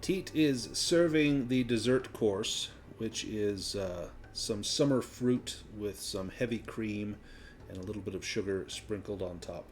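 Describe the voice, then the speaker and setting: A man running a tabletop game as game master, narrating in a relaxed, conversational way. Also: lowish voice, a little slow, faint music behind.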